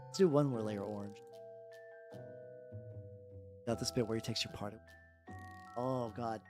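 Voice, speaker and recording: Streamer, casual livestream chat, rambling, restarts, middle pitch, very lively intonation, faint background music. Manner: rambling, many "like" fillers and restarts; answers chat while painting. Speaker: streamer painting miniatures.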